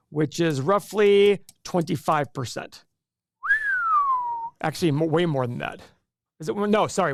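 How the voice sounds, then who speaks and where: Brief: male stock commentator, fairly high voice, punchy and sarcastic, dry close mic. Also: dry recording. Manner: energetic, sarcastic asides, self-correcting mid-calculation. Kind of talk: live reaction to earnings.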